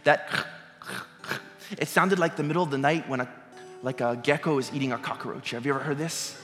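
A middle-aged pastor preaches a sermon in a reverberant hall with music, telling a personal story conversationally and posing questions to the audience. His mid-range voice is fairly bright and moves fairly quickly.

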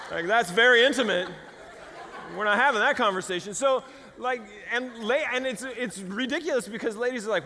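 A man's voice: very high voice, brisk. A man preaching a casual, humorous sermon as pastor, acting out little voices for his stories. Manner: animated, jokey, acts out voices. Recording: long hall reverb.

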